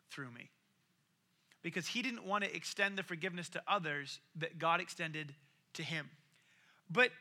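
A man preaching a sermon in an animated way, acting out the voices of the people he quotes and swinging from loud to soft. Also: high-pitched. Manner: animated, acts out quoted voices, varies loudness widely. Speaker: pastor.

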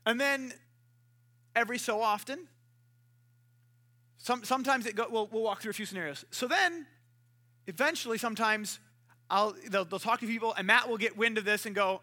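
A male pastor in the middle of a sermon, with a high voice and a very sharp, cutting brightness to his tone. He preaches in a lively, animated way and slips into other people's voices to act out little conversations. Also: moderate pace, long pauses.

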